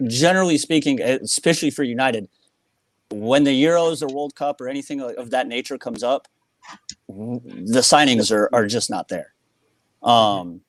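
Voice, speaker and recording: A man's voice: mid-range voice, no echo. American man calling in, hesitant. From born in England, raised in the US. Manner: hesitant, lots of ums, earnest. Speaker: caller. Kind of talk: casual phone-in chat.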